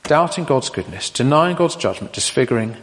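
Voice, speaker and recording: A man preaching a sermon in an animated way, with rhetorical questions and playful asides. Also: mid-range voice, fairly quick. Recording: long hall reverb.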